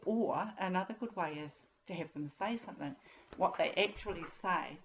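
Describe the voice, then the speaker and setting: A woman teaches writing in a plain, direct voice. Her pitch sits low for a woman. The recording is a little dull and muffled. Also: moderate pace, slight background noise. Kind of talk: explaining writing advice to students.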